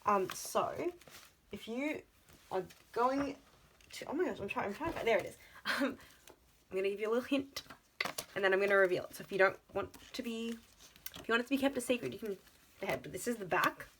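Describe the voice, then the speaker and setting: A woman, chatting excitedly in a casual budgeting vlog, full of gasps and exclamations. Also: medium pitch, brisk, long pauses, slight background noise, poor audio. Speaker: budgeting vlogger.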